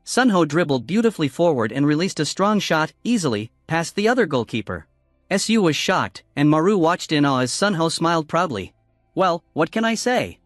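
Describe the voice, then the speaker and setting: A man's voice: a little high, big pitch swings, a little fast, no room sound, studio quality. A man narrating a comic-book recap story, reading every character in one voice. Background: faint background music.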